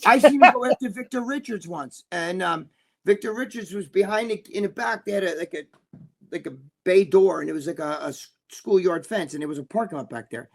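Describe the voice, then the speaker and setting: A man's voice: high voice, lively intonation, brisk. A man telling stories as an interview guest in a loose, profane, rambling way, full of restarts. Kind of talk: casual storytelling.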